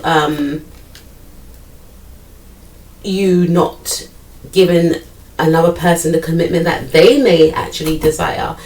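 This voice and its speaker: A woman's voice: on the low side, a little mellow, far from the mic, a little hiss or hum, low-quality recording. A woman giving a chatty tarot card reading, thinking aloud and repeating her phrases. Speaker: tarot reader.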